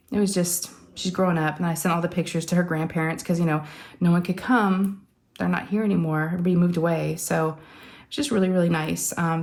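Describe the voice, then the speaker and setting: Chatty lower-voiced middle-aged woman. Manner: rambling and heartfelt, with many fillers and restarts. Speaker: crafting channel host. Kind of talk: casual chatty storytelling to viewers.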